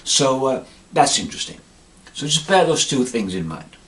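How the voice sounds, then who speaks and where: A man's voice: mid-range voice, big pitch swings, moderate pace, fairly bright tone. Pompous rambling middle-aged comic man. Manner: rambling, pompous, keeps saying "you see". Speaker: comedic monologue performer. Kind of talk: deadpan comic monologue.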